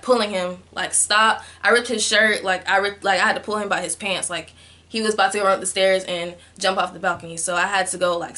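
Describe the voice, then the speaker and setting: A young woman telling a personal story in a candid vlog, filling her speech with "like" and growing soft and subdued at times. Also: medium pitch. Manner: candid, heavy use of "like" as filler. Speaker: vlogger.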